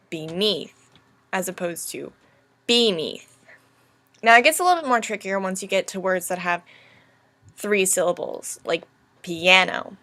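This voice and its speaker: A young woman teaching a recorded lesson over slides, speaking slowly and deliberately as she spells out each stress. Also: mid-range voice, pushed and bright, dry recording.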